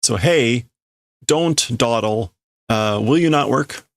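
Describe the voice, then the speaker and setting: A man's voice: medium pitch, slow pace, dry recording, clean studio sound. A man casually translating manga on a live stream, thinking aloud, correcting himself and chuckling as he works out meanings. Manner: musing, self-correcting, chuckling.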